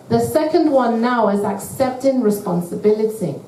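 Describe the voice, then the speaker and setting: A woman giving an earnest, measured talk to couples at a church, acting out sample phrases as she teaches. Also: fairly high pitch, mellow, slight background noise. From United Kingdom. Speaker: church marriage speaker. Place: church hall. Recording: echoey hall, mic at a distance.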